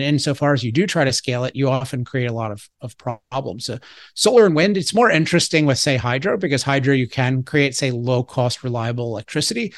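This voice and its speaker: A man's voice: on the high side, dry recording, clean studio sound. A man being interviewed, arguing his points emphatically with frequent restarts. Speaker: interview guest. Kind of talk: argumentative interview talk.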